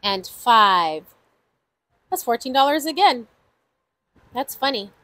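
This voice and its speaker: A woman talking to her viewers in a casual budgeting vlog, her voice sitting a little high. She takes her time, counting numbers aloud in an unhurried way and breaking into frequent exclamations. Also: lively intonation, a bit bright, no room sound, low-quality recording. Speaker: budgeting channel host. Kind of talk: casual savings-challenge vlog.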